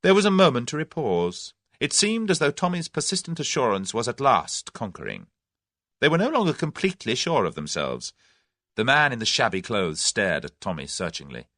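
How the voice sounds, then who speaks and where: A man narrating an audiobook with expressive storytelling into a close microphone. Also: medium pitch, moderate pace, dry recording. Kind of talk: scripted narration.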